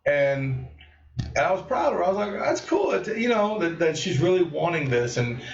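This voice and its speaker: A man with a fairly high voice rambles through a casual story on a live stream, acting out what people said. He sits well back from the mic in an echoey room, and the sound is a little dull. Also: fairly quick, distant mic. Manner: rambling, animated, with lots of restarts and acted-out quotes. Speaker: host of a live cannabis stream.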